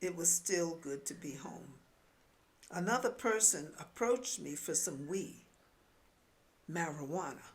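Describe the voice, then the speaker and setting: A woman with a New York twang reads her memoir at an unhurried pace. Her voice carries a gravelly texture, and her delivery is wry, like a storyteller's. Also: low-pitched, expressive. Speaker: memoir author. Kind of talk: memoir reading.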